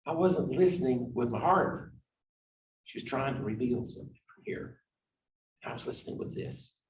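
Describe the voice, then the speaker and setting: A man giving a storytelling presentation on negotiation, swinging between loud emphasis and quiet asides. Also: medium pitch, expressive, moderate pace. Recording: echoey room, distant mic.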